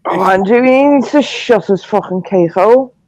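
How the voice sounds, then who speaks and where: A blunt speaker ranting angrily in an online group call, swearing freely. The voice is dark and mellow, and it comes through dull and lo-fi. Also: medium pitch, moderate pace. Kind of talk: casual group chat online.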